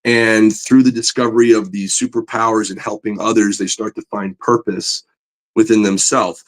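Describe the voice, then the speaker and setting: A man's voice: lowish voice, normal speed, rough recording. A man in casual podcast conversation, telling stories animatedly with lots of "you know" fillers. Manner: animated storyteller, voice climbs when excited. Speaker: comic book artist guest.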